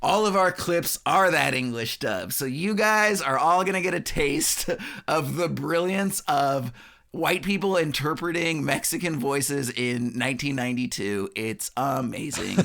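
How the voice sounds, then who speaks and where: Male podcast co-host, casual film chat, animated and swearing, bright tone. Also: a little high, vocal fry. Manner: animated, laughing, swearing freely.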